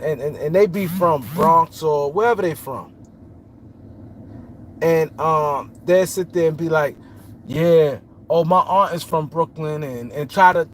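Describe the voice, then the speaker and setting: A man from New York City hosts a relaxed sports commentary livestream, greeting viewers by name and repeating himself on key points. His voice runs somewhat high, and a light hiss or hum is audible.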